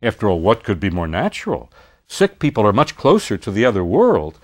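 A man's voice: fairly low pitch, huge pitch swings, fairly quick. A man giving a university literature lecture, speaking expressively and posing rhetorical questions.

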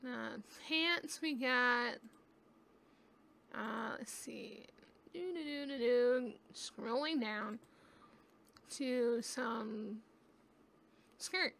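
A woman's voice: on the high side, extremely slow, vocal fry, pauses often, fairly bright tone, a little hiss or hum. A woman giving casual, chatty gameplay commentary at home on a webcam mic, thinking aloud as she goes. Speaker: gaming YouTuber.

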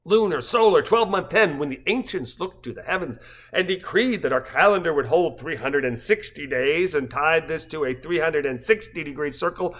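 A man giving a satirical dramatic reading as narrator, in the style of a fiery speech, with sudden shouted peaks. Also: a little high, lively intonation, normal speed. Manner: impassioned oratorical delivery with shouted peaks.

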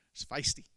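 A man's voice: pushed and bright, no echo. A man preaching a sermon, telling a Bible story in a folksy way with humorous asides. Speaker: pastor.

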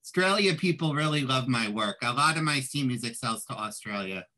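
A man's voice: medium pitch, lively intonation, brisk, bright, forceful tone, poor audio. A man in his thirties, a composer and writer, chatting in a casual interview over a video call from home, joking and self-deprecating.

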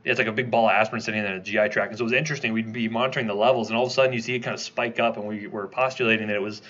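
Fast-talking man lecturing, low voice. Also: steady tone, fairly bright tone, highs cut off. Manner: quick, conversational, asks the class questions. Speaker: toxicology lecturer. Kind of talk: classroom lecture.

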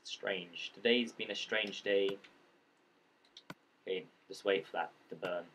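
A man with a fairly low voice talks through his gameplay in a loose, rambling way. He cracks jokes and talks straight to the creatures he meets. His tone is casual and unscripted. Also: steady tone, takes it slowly, a bit bright, a little hiss or hum. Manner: rambling, joking, talking to the game's creatures. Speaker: gameplay commentator. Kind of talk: casual let's-play commentary.

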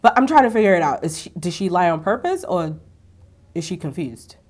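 A young woman with a slightly low-pitched voice talks through a TV episode in a loose, chatty way. She throws in sassy asides and acts out quotes with relish. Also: big pitch swings, a little fast, darkish tone. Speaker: TV recap vlogger. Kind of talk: casual chatty recap. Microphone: ring-lit camera setup at home.

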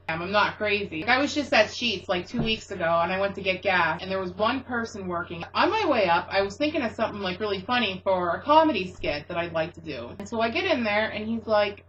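A woman's voice: medium pitch, a bit bright, a little hiss or hum. Woman telling jokey stories on lo-fi audio. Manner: rambling, jokey storytelling. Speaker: web comedy show co-host. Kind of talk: casual comedic chat.

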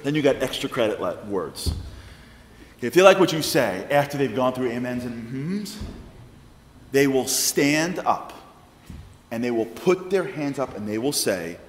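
A man with a New York accent telling a lively comic story in a public lecture. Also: medium pitch, unhurried, reverberant, in a large hall, slight background noise. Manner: animated, comic storytelling with acted-out quotes. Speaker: public speaker. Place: large congregation hall with audience.

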